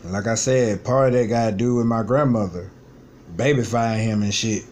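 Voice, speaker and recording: A young man in his twenties vlogs about his life, cursing a lot and airing his frustrations without holding back. His voice is lowish and darkish in tone at a normal speed, and the recording carries a little hiss or hum.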